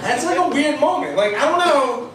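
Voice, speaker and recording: A man's voice: extremely high pitch, animated, moderate pace. A man from Cleveland, Ohio, doing a rambling, self-mocking stand-up set on a club stage, laughing through his lines. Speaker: stand-up comedian. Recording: echoey room mic heard from far, noisy.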